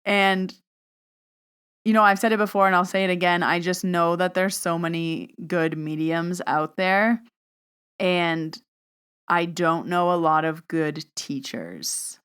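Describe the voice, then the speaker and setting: Chatty woman podcaster with a smooth voice. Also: on the low side, slow, fairly bright tone. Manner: chatty, peppered with "like", acts out quoted exchanges. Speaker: podcast host and medium. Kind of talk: casual storytelling monologue.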